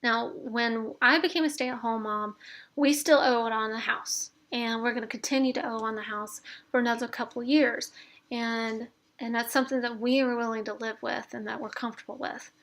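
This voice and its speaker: Middle-aged woman, slightly high voice, casual encouraging tutorial host, chatty with fillers. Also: steady tone, normal speed, fairly bright tone. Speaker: instructor demonstrating a debt spreadsheet. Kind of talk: casual screen-share tutorial.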